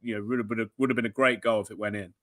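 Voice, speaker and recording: English guy talking footy on a live stream, bright sharp voice, chatty. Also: fairly low pitch, steady tone. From England. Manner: chatty, quick banter with casual slang. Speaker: soccer analyst. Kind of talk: live match commentary chat.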